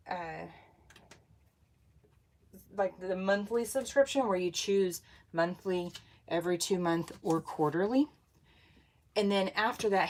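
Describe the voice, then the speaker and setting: A woman's voice: medium pitch, a little mellow. A woman, hosting a casual craft livestream, bubbly, laughing often and greeting viewers by name. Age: 40s.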